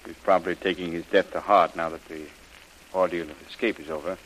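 A male actor voices a worried, middle-aged governor in an old, hiss-filled radio drama, speaking in a measured, fatherly way with hesitant pauses. His voice is deep and steady with a slight brightness, delivered in 1930s radio-drama style over poor audio.

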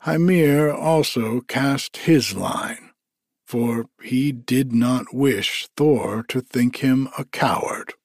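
A man reading a story aloud in a slow, deliberate storytelling manner. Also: mid-range voice, breathy edge, dry recording, studio quality.

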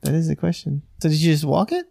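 Man, podcast co-host, gravelly voice, fairly high pitch, teasing, laughing along. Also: lively intonation, fast, warm tone. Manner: teasing, laughs along, asks follow-up questions. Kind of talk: casual chat.

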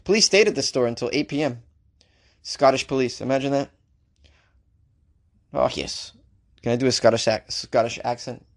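A host presents a comedic segment of offbeat news, reading the stories and tossing in animated, jokey asides. He speaks fast at a medium pitch.

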